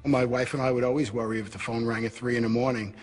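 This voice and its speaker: A man's voice: mid-range voice, level tone, fast, a little mellow. A middle-aged man speaking earnestly in a reflective interview, often saying "you know". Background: music score.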